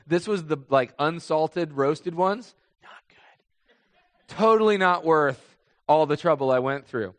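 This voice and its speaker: A young adult man preaching a sermon as a pastor, telling a story in a conversational way with vivid dramatic bursts. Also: on the high side. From United States. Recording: long hall reverb.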